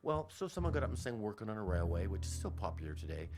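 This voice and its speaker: A man's voice: lowish voice, very animated, fast. A man telling a childhood story on the radio in a rambling way, often backtracking and interrupting himself.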